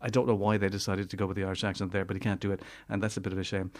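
A man giving a film review on a radio show in an animated way, often repeating words as he searches for the next one. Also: deep voice, rapid-fire. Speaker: movie reviewer.

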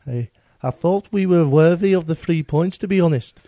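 A man with a cold putting on a Scouse accent to impersonate a male football manager, reading a quote in a halting, self-correcting way. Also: a little high, dark tone, no echo, clean studio sound, close to an everyday voice. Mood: smug. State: has a cold.

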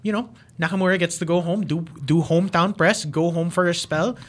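Casting: man, podcast co-host, lively loose wrestling talk, slightly high voice. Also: brisk. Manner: animated, swears freely, mixes in Tagalog. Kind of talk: casual wrestling chat.

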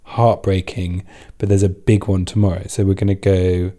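A man's voice: deep voice, flat delivery, moderate pace, warm tone. A man co-hosting a podcast, chatting in a playful, teasing way. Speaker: podcast co-host. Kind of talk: casual chat.

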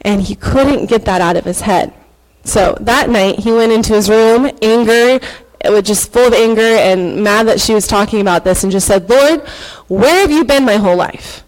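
A woman's voice: medium pitch, fairly even intonation, moderate pace, rough recording. Earnest woman sharing a faith testimony. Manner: earnest and emotional, with hesitant fillers. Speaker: church testimony speaker. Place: church stage before an audience.

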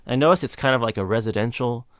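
A man's voice: medium pitch, fast talker, fairly bright tone, no room sound. A man from Kentucky, a comedian guest telling a story in a casual interview, rambling, swearing and restarting often. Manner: rambling, profane, frequent restarts.

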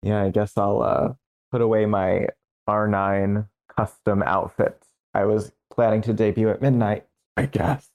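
A man co-hosting a podcast in casual chat, delivering wry, deadpan punchlines. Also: fairly low pitch, measured pace, muffled recording. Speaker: podcast co-host.

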